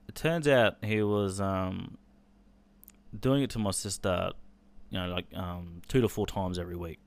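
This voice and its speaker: A man, telling a painful personal story on a podcast in a halting, sombre way, with swearing. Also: sits low, gravelly. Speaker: podcast host.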